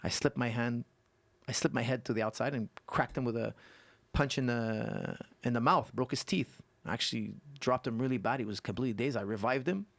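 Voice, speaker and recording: A man who is a guest coach on a podcast, telling stories and explaining technique in an animated way that repeats points for emphasis. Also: mid-range voice, a little fast, gravelly, dry recording. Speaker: guest martial arts coach. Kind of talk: casual podcast conversation.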